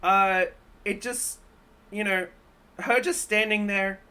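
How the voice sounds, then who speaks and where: A woman streamer giving casual reaction commentary in an animated way, laughing often and ranting in exasperation. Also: mid-range voice, takes it slowly, smooth.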